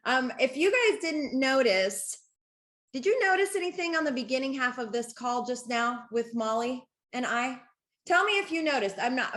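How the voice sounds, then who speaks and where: A woman coaching a live group call, excitable and quick to laugh, speaking straight to her audience. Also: on the high side, roomy sound. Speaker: network marketing coach.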